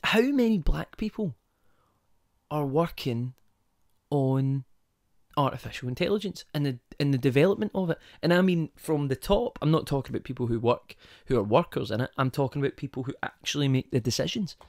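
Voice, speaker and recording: A man's voice: medium pitch, fairly quick, a little mellow, dry recording. Rambling male podcast host, dry sound. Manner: rambling, goes off on tangents, asks rhetorical questions. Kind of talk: casual monologue.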